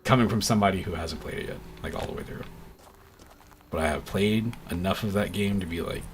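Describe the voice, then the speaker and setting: A man's voice: deep voice, brisk, a little hiss or hum. A man streaming games from home, chatting casually and rambling with lots of fillers and restarts. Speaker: game streamer. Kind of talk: casual streaming chat while playing.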